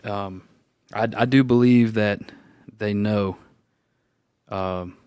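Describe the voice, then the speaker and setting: A man on a roundtable show telling a personal story in a casual, animated way, acting out the voices of the people he quotes and laughing now and then. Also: on the low side, slow pace, smooth, dry recording, studio quality. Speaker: roundtable co-host.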